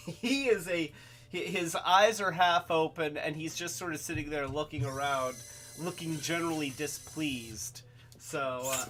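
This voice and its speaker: A man hosting a casual toy live stream, rambling and halting, with many restarts and fillers, and calling himself by a nickname in the third person. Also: on the high side, noisy background. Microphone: webcam.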